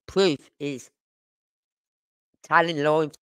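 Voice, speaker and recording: A YouTuber commenting on a live stream speaks emphatically, poses rhetorical questions, repeats points, and apologizes for talking too fast. The medium-pitched voice is steady, clear, and resonant, with no room sound.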